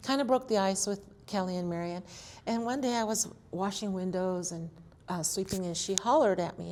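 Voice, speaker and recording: A woman's voice: mid-range voice, brisk. A woman in her sixties telling family stories in an oral history interview, acting out what people said. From Colorado, USA. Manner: animated storyteller, acts out quotes.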